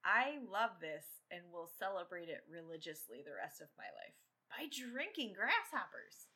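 A woman's voice: on the low side, big pitch swings, moderate pace, sharp tone, husky. A woman co-hosting a podcast who reacts with enthusiastic laughter. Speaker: podcast co-host. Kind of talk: casual podcast chat.

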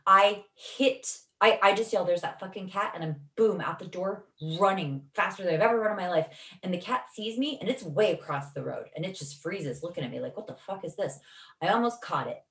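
A woman tells a rambling personal story in an emotional, profane way. Her voice sits a little low, and it is heard from some distance in a roomy, echoing space. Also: a bit bright. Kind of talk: casual spoken storytelling. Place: Los Angeles. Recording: echoey room, distant from mic.

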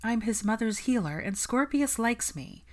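A woman voicing a calm young witch healer who answers in terse, defensive replies, in a storybook reading. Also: on the high side, normal speed, voice pushed up. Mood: guarded.

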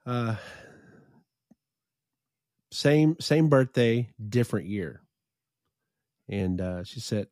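A middle-aged man co-hosting a podcast, telling stories in a relaxed, chatty way. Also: mid-range voice, drawn-out words, pauses often, no echo, clean studio sound. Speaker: podcast co-host. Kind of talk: casual storytelling chat.

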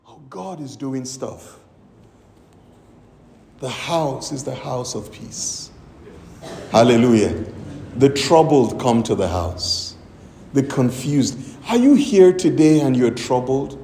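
A man's voice: medium pitch, sing-song, takes it slowly, pauses often, mellow, roomy sound, a little hiss or hum. A man preaching a sermon as pastor, telling a story with acted-out quotes and emphatic exclamations.

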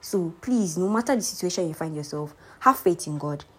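A woman's voice: lowish voice, lively intonation, brisk, a bit bright, husky. A young Nigerian woman hosting a podcast, speaking earnestly and heartfelt as she encourages listeners to keep faith. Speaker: podcast host. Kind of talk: motivational faith talk.

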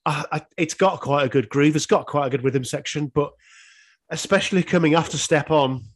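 Man in his 30s, slightly high voice, relaxed chatty co-host who swears and laughs a lot. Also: a little fast. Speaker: podcast co-host. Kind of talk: casual chat reviewing an album.

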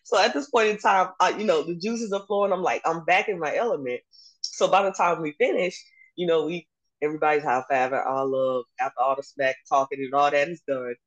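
A young adult woman, a basketball coach, telling her story in a casual interview and acting out the dialogue with lively laughs. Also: deep voice, fairly quick, rough recording. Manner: animated, acts out dialogue, laughs often. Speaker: basketball coach and podcast guest.

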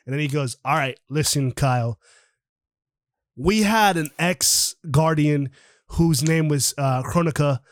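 Male podcast host, slightly high voice, dry close sound; animated, profane, acts out the story's lines. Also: a little slow, no room sound. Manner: animated, swears freely, acts out characters' lines. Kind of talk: casual retelling of a comic book plot. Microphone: online call.

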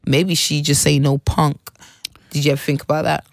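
A woman's voice: deep voice, normal speed, creaky, dry recording, clean studio sound. A woman, talking candidly and with feeling in a casual chat. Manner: candid, animated, says "bruv" and "I'm telling you". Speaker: guest.

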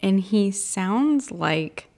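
A woman's voice: medium pitch, expressive, drawn-out words, darkish tone. A woman co-hosting a podcast in casual chat, rambling and laughing often. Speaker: podcast co-host.

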